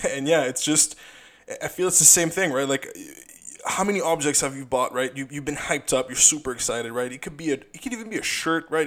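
A man's voice: medium pitch, a bit bright. A young man hosting a casual solo podcast, rambling with lots of fillers and repeated "you know", swearing freely. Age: young adult. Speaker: podcast host.

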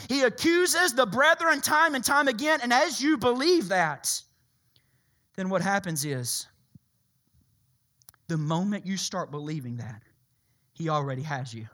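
Male pastor, high bright voice, fervent sermon delivery with loud and soft swings. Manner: impassioned preaching, swinging from loud to hushed.

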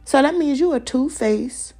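A woman's voice: high-pitched, moderate pace, a little mellow. A young adult woman hosting a solo podcast, ranting in a profane, confrontational way and repeating lines for emphasis. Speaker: podcast host.

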